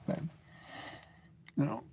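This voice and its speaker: A man's voice: takes it slowly, dark tone. An American man in his forties, talking to camera in a rambling, jokey and blunt monologue as a vlogger. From United States. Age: 40s. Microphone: webcam or phone camera, seated.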